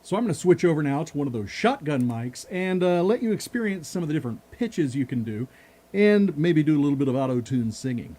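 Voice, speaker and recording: Lively, husky-voiced male product reviewer. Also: a little high, fairly quick. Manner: enthusiastic, jokey.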